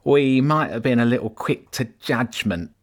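A man voicing a sneering, raspy male rat who threatens sharply in a storybook reading. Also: mid-range voice, expressive, moderate pace, voice pushed up, lightly acted. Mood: wheedling. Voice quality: raspy, spittle-laced.

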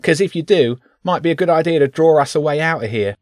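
A man's voice: a little high, lively intonation, quick pace, dry recording, studio quality, voice pushed up, lightly acted. A man voicing a whiny, complaining rat in an audiobook, with slangy speech. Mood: whining. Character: whiny streetwise male rat.

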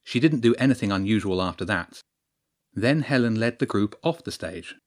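A man narrating a story in a steady storytelling voice. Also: on the low side, moderate pace. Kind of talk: scripted narration.

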